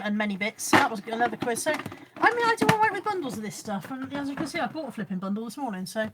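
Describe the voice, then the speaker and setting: A middle-aged woman with a Bristolian accent and a slightly high voice, chatting away to her viewers on a phone livestream. She is chatty and self-mocking and keeps reading out comments from the chat. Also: background noise. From Bristol, England. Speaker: livestream host selling boot sale finds. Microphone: phone camera.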